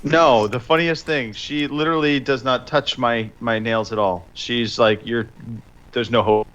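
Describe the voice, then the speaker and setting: A man's voice: medium pitch, steady tone, unhurried, a bit bright, dull audio. A man hosting a podcast in upbeat, teasing casual chat. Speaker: podcast host.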